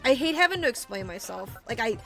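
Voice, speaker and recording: A young woman chats with her stream audience as she plays a game, her voice sitting a bit high. She rambles, doubles back and fills pauses with "like" and "um". Quiet game music plays under her voice. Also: big pitch swings, creaky. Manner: rambling, many fillers and restarts, talks to chat. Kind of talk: casual live-stream chat while gaming.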